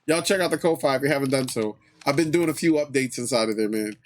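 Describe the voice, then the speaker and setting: A man hosting a livestream, chatting casually with viewers in a relaxed way, swearing often and repeating his phrases. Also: medium pitch, fast talker, slight background noise. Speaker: livestream host.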